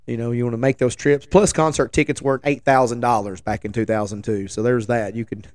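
A man in his forties with a hoarse voice after the flu, telling a rambling, joking story as a show host. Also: mid-range voice, steady tone, brisk, darkish tone, dry recording. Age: 40s. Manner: rambling, self-deprecating, joking asides. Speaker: podcast host. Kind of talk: casual storytelling chat.

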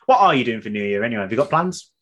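A man's voice: mid-range voice, animated, rapid-fire, a bit bright. A man from the UK co-hosting a podcast, with teasing, easygoing banter. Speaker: podcast co-host. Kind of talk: casual chat.

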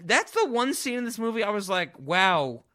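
A man co-hosting a podcast, chatting casually about a movie, joking and animated. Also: sits high, normal speed. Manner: animated, jokey, breaks into loud yelling bits. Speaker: podcast co-host. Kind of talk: casual movie-review chat.

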